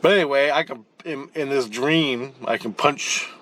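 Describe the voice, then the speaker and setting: At medium pitch and normal speed, with slight background noise, a man hosting a channel describes a long dream from the spirit world. His telling is casual, blunt, and profane, full of restarts and repeated words, and he acts out the events animatedly.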